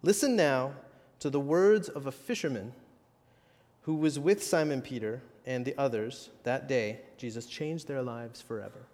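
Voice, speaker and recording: A man preaching a sermon with measured, dramatic pauses and bits of self-mocking humor. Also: medium pitch, darkish tone, long reverb tail. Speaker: pastor.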